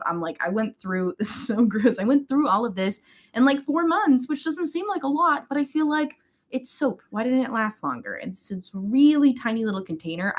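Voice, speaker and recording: Chatty young woman hosting a livestream. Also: mid-range voice. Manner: chatty, rambling, greets viewers by name. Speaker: beauty livestream host. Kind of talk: casual chat while doing makeup.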